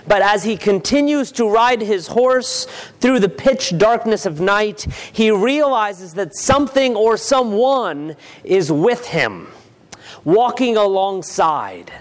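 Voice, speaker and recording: A man slowly reading a novel excerpt aloud, with deliberate storytelling and dramatic pauses. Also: high voice. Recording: long reverb.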